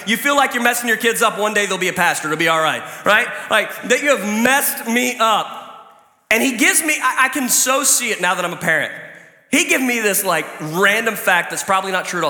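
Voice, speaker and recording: Male pastor, high and bright, chatty joking sermon from the stage, recorded in an echoey church hall. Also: quick pace. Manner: lively, conversational, joking storytelling. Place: church stage before a congregation.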